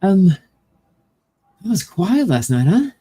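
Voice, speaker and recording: A man's voice: high voice, big pitch swings, slow pace, mellow, husky, faint music behind, voice pushed up, exaggerated voice. A man voicing a goofy, grinning creature in a tavern, talking in an easygoing, rambling way in a raised voice.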